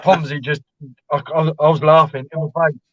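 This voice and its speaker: A man's voice: a little high, flat delivery, brisk, a bit bright, no room sound. Rambling man on a dull stream line. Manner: rambling, laughing anecdotes with mimicked dialogue. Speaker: co-host of a live stream. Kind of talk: casual storytelling chat. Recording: dull lo-fi dry stream audio.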